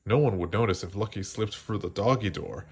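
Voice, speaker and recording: A man reading a children's storybook aloud, gently slowing down for the suspenseful parts. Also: fairly low pitch, gravelly, slightly rough. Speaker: storybook reader. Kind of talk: children's read-aloud narration.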